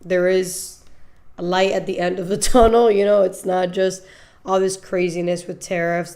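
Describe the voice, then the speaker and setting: A woman's voice: on the low side, darkish tone. A young woman hosting a podcast, chatting loosely about the news, joking and laughing often, with casual swearing. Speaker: podcast host. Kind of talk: casual political commentary.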